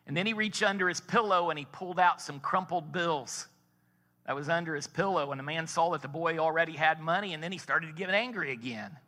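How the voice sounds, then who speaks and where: Man pastor, sermon, folksy storyteller, forceful bright voice, slightly high, long church reverb. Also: fairly quick. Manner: folksy storytelling with rising emphasis.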